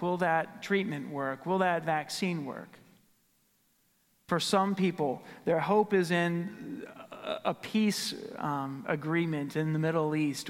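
A middle-aged man preaches with earnest conviction, his voice pitched a little high. He repeats key phrases and sometimes drops to a near whisper for emphasis. His words ring out with a long reverb, as in a church sanctuary. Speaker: pastor. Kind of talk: sermon.

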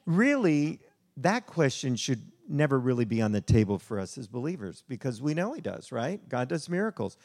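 A man preaching a sermon to a congregation, telling a story in an animated, conversational way. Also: mid-range voice, moderate pace. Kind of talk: sermon with slide show.

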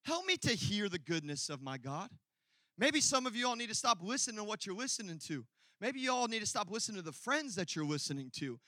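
A male pastor preaching a sermon, telling a personal story and building from quiet asides to loud, emphatic peaks. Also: sits high, sing-song, a little fast, no echo.

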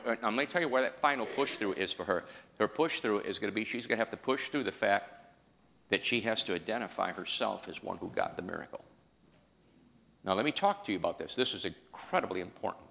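A man preaching a sermon in a church, calling out questions to the congregation and building to an impassioned pitch. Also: creaky, sharp tone, long reverb tail, a little hiss or hum, low-quality recording.

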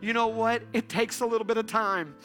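High, bright-voiced preaching man over guitar. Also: fairly even intonation, a little fast. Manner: urgent call-and-response preaching, repeated "come on". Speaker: pastor. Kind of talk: sermon.

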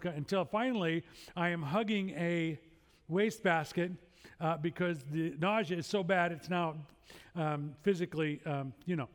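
A man's voice: high-pitched, clear, resonant tone. A middle-aged male pastor preaching a sermon, telling a story with humorous, self-deprecating asides. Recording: long hall reverb.

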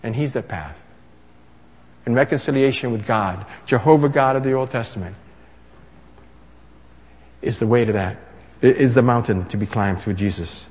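A man preaching a sermon in an animated way, building to emphatic crescendos. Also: medium pitch, moderate pace, long pauses, breathy edge. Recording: long reverb of a large hall.

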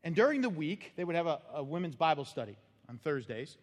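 A man preaching a sermon as pastor, animated and acting out the voices and cries of the story. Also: on the high side, fairly quick, in a large hall.

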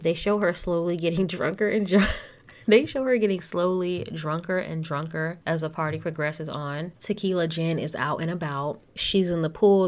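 A woman talks through a reality TV episode in a loose, chatty way, tossing in sarcastic asides and laughter. Her voice sits somewhat low for a woman. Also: darkish tone. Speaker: reality TV recapper. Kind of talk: casual recap chat.

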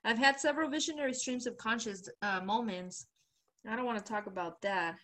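A woman's voice: on the high side, a little fast, fairly bright tone. A young woman co-hosting a podcast, rambling through stories in a casual chat, swearing and laughing often. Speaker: podcast co-host.

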